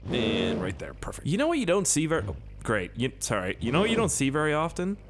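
An excitable young man talks over his gameplay into a desk mic. His pitch swings widely as he jumps from squeaky shouts to low, muttered asides. He rambles, swears freely and keeps an easy, chatty flow. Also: quick pace, very noisy. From Canada. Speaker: gaming video host. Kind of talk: casual gameplay commentary.

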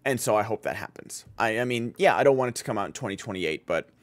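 A man's voice: lowish voice, expressive, fast talker, no room sound. A man streaming and chatting casually, enthusiastic and rambling, with lots of filler words. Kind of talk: casual chat.

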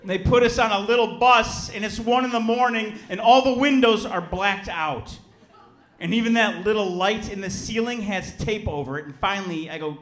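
A man in his thirties from Chicago doing a stand-up comedy set, telling a story with lively acted-out voices and shouted punchlines. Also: high-pitched, normal speed, echoey room, some chatter behind. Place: theater stage before a live audience.

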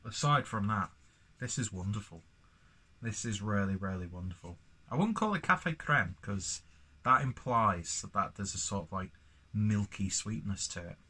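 A man's voice: lowish voice, animated, moderate pace, sharp tone, slightly rough. A man, casually reviewing a beer in a rambling, sweary vlog full of self-mocking asides.

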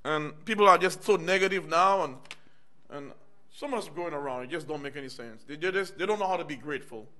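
A man's voice: on the high side, a little fast, bright, forceful tone. A middle-aged male minister preaching in a church, conversational, often calling out "amen" and "y'all" to the congregation. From United States. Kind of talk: personal testimony sermon.

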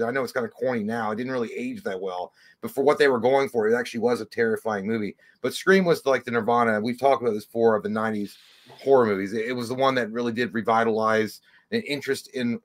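A man co-hosting a casual movie podcast, swearing freely and ranting with mocking impressions. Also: mid-range voice. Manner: profane, animated rants with mocking put-on voices. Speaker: podcast co-host. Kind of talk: casual chat.

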